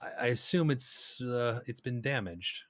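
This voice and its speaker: A man's voice: mid-range voice, lively intonation, unhurried, dry recording, pitched above the performer's own voice, natural voice. A man voicing a gracious, hooded noblewoman who speaks with polite formality.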